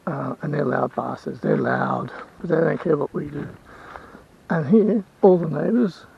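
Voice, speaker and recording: A man's voice: on the high side, big pitch swings, a little slow, gravelly, breathy edge, highs cut off. A man with an Australian accent, rambling and complaining in a casual vlog rant, repeating himself as he goes. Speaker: vlogger and house sitter.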